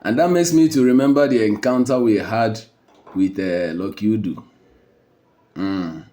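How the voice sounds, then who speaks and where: A man with a Nigerian accent recounts a personal story in a low, mellow voice. He speaks in a measured, hesitant way, pausing on fillers.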